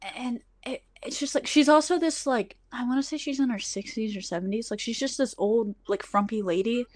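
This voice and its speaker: A woman's voice: a little high, fairly quick, darkish tone. A young adult woman telling a story on a podcast in a casual, profane way, saying "like" often. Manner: chatty, profane, heavy use of "like". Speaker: podcast host.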